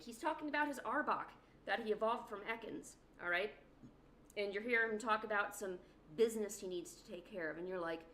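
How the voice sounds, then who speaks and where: Bright, chatty female streamer with a loose, joking storytelling manner, middle pitch. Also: slight background noise. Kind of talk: casual livestream chat.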